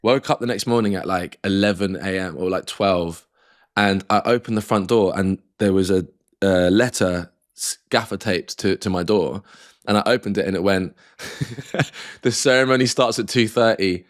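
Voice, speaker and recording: Low-voiced man telling a rambling story. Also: moderate pace. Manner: rambling, swearing, acts out others' lines. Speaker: podcast co-host. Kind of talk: casual storytelling chat.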